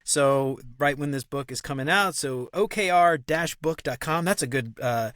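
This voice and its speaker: A man hosting a podcast, chatty and upbeat, stammering into quick restarts. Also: on the high side, a bit bright, dry recording, clean studio sound. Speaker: podcast host. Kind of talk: casual conversational interview.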